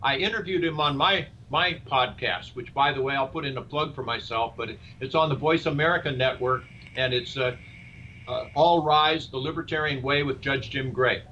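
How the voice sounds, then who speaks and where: A man's voice: mid-range voice, normal speed, sharp tone. An older man speaking earnestly as a guest in a live interview, asking rhetorical questions like a speech. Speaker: guest, presidential candidate. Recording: dull lo-fi sound with faint noise.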